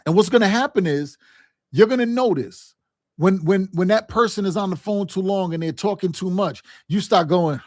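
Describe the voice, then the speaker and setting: A male sales coach with a fairly high voice drives his points home, repeating himself and checking in with his listeners. He talks in loose, casual vernacular. The sound is dry and close, with no room echo. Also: moderate pace, a little mellow. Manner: emphatic, repetitive, direct address with frequent "right?" and "okay?"; acts out quoted phone calls and family scenes in livelier voices. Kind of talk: motivational sales lesson.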